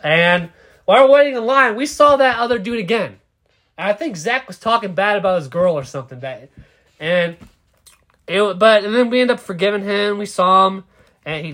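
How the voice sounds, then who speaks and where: A man's voice: sits high, fairly bright tone. A young man casually telling a rambling, profane story as a podcast co-host.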